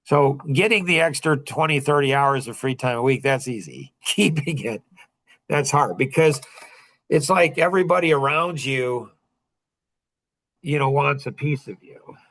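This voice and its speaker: A man hosting a casual group chat, telling animated stories, his voice jumping high when he gets excited. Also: a little slow. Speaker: host.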